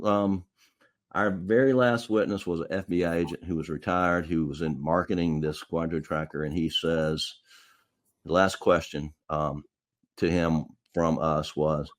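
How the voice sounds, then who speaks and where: Middle-aged man, very low voice, rambling courtroom war stories. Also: steady tone, a little slow. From South Carolina. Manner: rambling, repeats words often. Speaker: defense lawyer guest. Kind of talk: casual storytelling.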